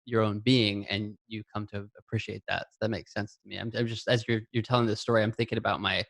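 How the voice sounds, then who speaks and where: A man's voice: on the low side, level tone, quick pace, creaky, a bit bright, dry recording. A man hosting an interview, enthusiastic and affirming, reflecting back on what his guest says; he is a father of a young child. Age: adult, father of a young child. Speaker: interview host. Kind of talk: conversational interview.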